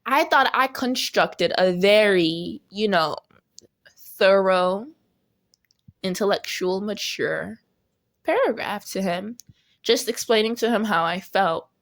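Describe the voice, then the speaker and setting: A young woman telling a casual storytime as a vlogger, chatty and animated, laughing often as she talks. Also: mid-range voice, slow pace.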